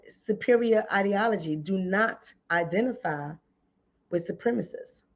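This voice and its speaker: A woman's voice: lowish voice, mellow, muffled recording. A woman relationship coach, giving emphatic, repetitive commentary straight to her viewers. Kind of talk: casual commentary to camera.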